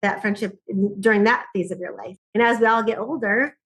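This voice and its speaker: A middle-aged woman, a podcast guest who speaks on joy and laughter, telling stories in lively conversation and often laughing. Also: on the high side, fairly quick. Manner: animated storyteller, often laughing.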